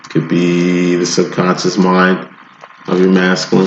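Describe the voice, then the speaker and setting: A man giving a casual tarot reading in a laid-back, slangy way, with a flat monotone delivery. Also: deep voice, unhurried. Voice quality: self-described monotone. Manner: laid-back, slangy, chuckles between lines. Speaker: tarot reader. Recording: echoey room, dull lo-fi, loud background noise.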